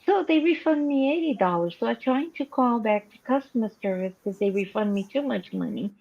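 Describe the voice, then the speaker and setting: Hosting a relaxed live chat, a woman with a non-native English accent brings her stories of calls to life by performing the dialogue herself. She talks briskly in a fairly high voice with vocal fry, and the recording sounds muffled.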